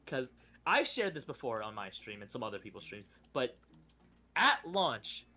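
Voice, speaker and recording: Rambling streamer man, lively pitch. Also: unhurried. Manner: rambling, laughs often, self-correcting. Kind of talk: casual chat.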